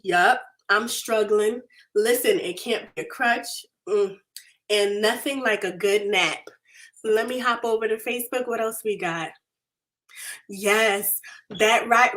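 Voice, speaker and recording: Woman, thirties, somewhat high voice; animated, laughing faith-podcast host who talks to listeners like close friends. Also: a little slow. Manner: animated and confessional, laughing often, reading chat comments aloud. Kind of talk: casual faith podcast talk.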